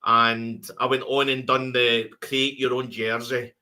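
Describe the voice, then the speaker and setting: A man's voice: medium pitch, level tone, measured pace, bright, forceful tone. A Scottish man co-hosting a casual podcast chat, rambling through thoughts with lots of restarts and repeated words. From Scotland. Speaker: co-host.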